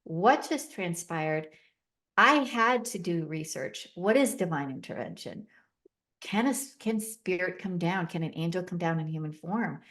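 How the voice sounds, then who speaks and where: Middle-aged woman, lowish voice, podcast guest, personal storytelling, vivid and emotional retelling. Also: animated, a little slow, fairly bright tone.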